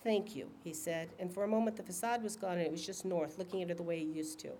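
A woman narrating a novel aloud in an informal, steady reading with occasional asides. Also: on the low side, fast, slight background noise. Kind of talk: audiobook reading.

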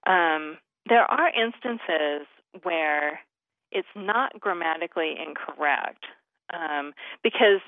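A woman's voice: low voice, expressive, slow pace, no room sound. A woman grammar expert, a guest on a call-in radio show, explaining usage in a chatty way with many fillers. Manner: chatty, many "you know" fillers, laughs easily. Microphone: phone. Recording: narrow phone line.

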